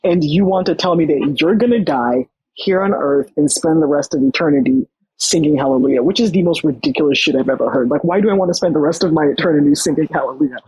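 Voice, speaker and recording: A young adult podcast guest telling a personal story in casual, animated talk full of "like". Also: medium pitch, quick pace, breathy edge, dry recording, low-quality recording. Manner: animated, many fillers like "like".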